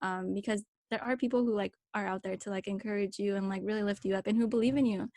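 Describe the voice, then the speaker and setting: Young female podcast co-host, animated storyteller, dry close sound. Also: medium pitch, quick pace, dry recording. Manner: animated storytelling, many fillers. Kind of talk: casual chat.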